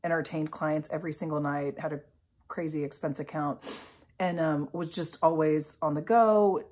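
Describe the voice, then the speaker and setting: Woman, life coach, candid vlog talk, breathy low voice, casual rambling delivery. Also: steady tone, moderate pace, a little mellow. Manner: casual and rambling, heavy on fillers and swearing.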